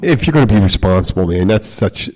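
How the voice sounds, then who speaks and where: His voice sits low and a little mellow, with lively intonation and a fast delivery. Hosting his podcast, this bartender rambles through profane stories from behind the bar, voicing the quotes dramatically.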